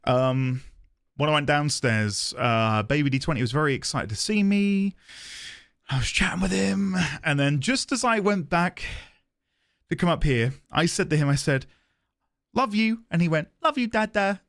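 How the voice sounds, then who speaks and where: A man's voice: fairly high pitch, animated, moderate pace, fairly bright tone, no room sound, clean studio sound. A man chatting casually on a live stream as a doting father, rambling a little.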